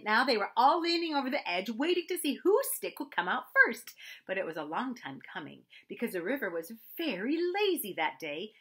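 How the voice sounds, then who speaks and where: Bright, expressive woman reading a storybook. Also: mid-range voice. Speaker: audiobook reader. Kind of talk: storybook narration.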